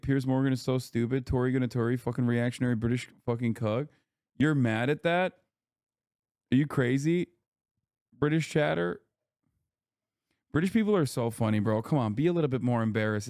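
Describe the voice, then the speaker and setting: A man's voice: mid-range voice, a little mellow, no echo, clean studio sound. A man hosting a live stream, reacting to clips with blunt, profane, sarcastic commentary. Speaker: streamer host.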